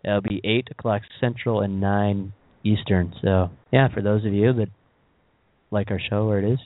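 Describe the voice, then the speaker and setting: Podcast host guy, rambly and animated, keeps cutting himself off, tinny dry phone-ish sound. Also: on the low side, normal speed, no echo. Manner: animated, rambling, self-interrupting. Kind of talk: casual chat.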